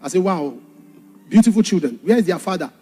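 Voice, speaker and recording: A man preaching a sermon with passion, swinging from shouted warnings to hushed storytelling. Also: high-pitched, lively intonation, a little fast.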